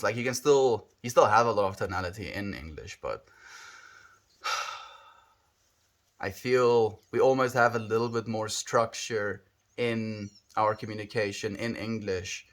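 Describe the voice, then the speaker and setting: A man's voice: fairly low pitch, a bit bright. A man with a South African accent chatting on a livestream, musing and rambling as he thinks aloud, with hums between thoughts. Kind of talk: casual livestream chat.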